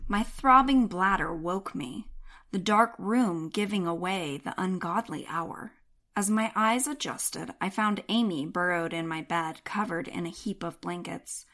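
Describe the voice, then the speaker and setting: A woman reading a first-person novel aloud in an even, measured way. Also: fairly low pitch. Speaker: audiobook narrator. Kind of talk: first-person audiobook narration.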